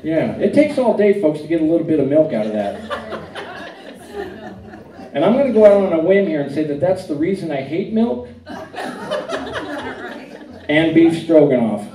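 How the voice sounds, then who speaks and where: Middle-aged male stand-up, deadpan storyteller, mellow tone, distant echoey club mic. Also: fairly high pitch, moderate pace, long pauses. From Arizona. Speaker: stand-up comedian. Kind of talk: stand-up comedy set. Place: comedy club stage.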